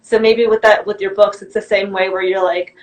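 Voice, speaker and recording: A woman guest on a podcast talks reflectively and often breaks off to restart her sentences. Her voice sits at a middle pitch for a woman. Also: level tone, fairly quick, rough recording. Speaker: guest, YouTuber. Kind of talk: conversational interview.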